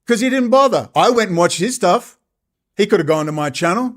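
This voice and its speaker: A man's voice: high voice, expressive, brisk, fairly bright tone. An Australian man hosting his own channel, ranting angrily in a profane monologue and mocking others in sarcastic put-on voices. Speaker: channel host.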